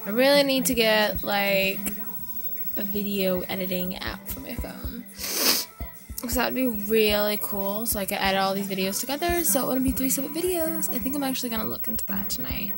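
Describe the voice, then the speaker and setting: A woman's voice: on the high side, quick pace, hardly any pauses, music in the background. A young woman vlogging into her phone from a car, rambling casually with lots of fillers. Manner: chatty, rambling, with many fillers. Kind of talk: casual chat to camera. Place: parked car. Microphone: phone camera.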